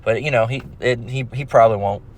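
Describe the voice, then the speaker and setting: A man's voice: medium pitch, fast. A man giving a casual, rambling religious lesson, with many restarts and street slang. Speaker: religious teacher.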